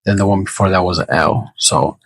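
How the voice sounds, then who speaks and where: A man's voice: low voice, fairly quick, vocal fry, no room sound, low-quality recording. A man making casual soccer betting predictions on his own, thinking aloud and correcting himself as he goes. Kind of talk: casual solo prediction talk.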